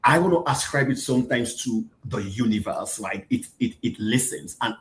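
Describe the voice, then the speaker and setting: A man's voice: mid-range voice, normal speed, a little hiss or hum. Emphatic male podcast host. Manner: emphatic, reflective, prompts guest to repeat. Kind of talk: podcast interview hosting.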